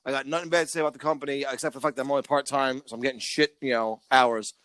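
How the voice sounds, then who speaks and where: A man's voice: mid-range voice, fairly even intonation, racing, a bit bright, no room sound. A man co-hosting a casual podcast, ranting with lots of swearing and stammering on restarts. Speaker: podcast co-host.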